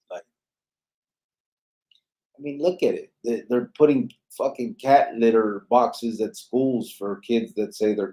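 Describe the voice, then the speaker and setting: A man's voice: medium pitch, darkish tone. Laid-back man hosting a podcast. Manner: laid-back, often adds "you know what I mean". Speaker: podcast host. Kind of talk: casual podcast chat.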